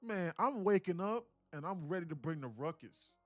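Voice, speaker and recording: A young man hosting a live day-trading stream, talking casually and telling stories in animated, profane slang. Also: high-pitched, normal speed, no echo, faint music behind. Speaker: day-trading livestream host.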